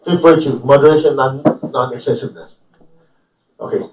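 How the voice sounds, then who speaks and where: A man's voice: mid-range voice, steady tone, a little fast, noisy background. Male spiritual teacher, casual sermon, dull lo-fi room recording. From Chinese family. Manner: joking, asks the audience questions. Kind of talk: informal sermon to a group. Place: room with a live audience. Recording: distant, roomy, dull live recording.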